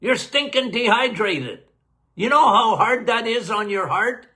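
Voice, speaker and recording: A man's voice: high-pitched, lively intonation, measured pace, sharp tone. A man, a doctor, answering health questions in a casual live Q&A, emphatic and folksy, often laughing.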